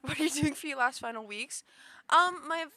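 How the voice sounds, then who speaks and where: Woman streamer, bright voice, loose rambling chatter with giggles. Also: sits high, animated, brisk, dry recording. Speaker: livestreamer. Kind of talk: casual chat with stream viewers.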